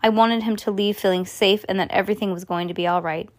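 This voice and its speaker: A woman reads a children's novel aloud with expressive delivery, sometimes stopping to explain the story to someone listening. Her pitch sits in the middle range. The sound is close and dry. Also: fast, no echo.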